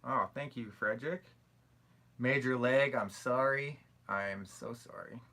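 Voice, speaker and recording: A young man chatting casually on a live stream, reading out viewer questions and answering with loose, rambling replies and quick apologies. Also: mid-range voice, bright, forceful tone. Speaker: YouTube creator answering live chat questions.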